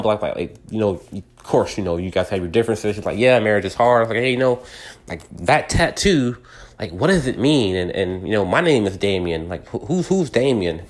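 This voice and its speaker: Low-voiced man telling a rambling story. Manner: rambling, many fillers and restarts, acts out quoted voices. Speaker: podcast host. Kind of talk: personal storytelling monologue.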